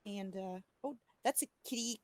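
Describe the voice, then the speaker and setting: A woman playing a tabletop role-playing game, counting dice rolls aloud with excitement. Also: mid-range voice, normal speed, slight background noise. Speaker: player. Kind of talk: casual tabletop play.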